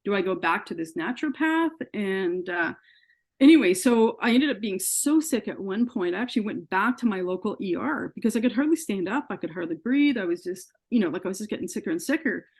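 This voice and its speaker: A woman's voice: mid-range voice, animated, a little fast, slightly rough. Earnest woman guest, retells her ordeal and voices the quoted dialogue. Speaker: interview guest. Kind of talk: personal story in an interview.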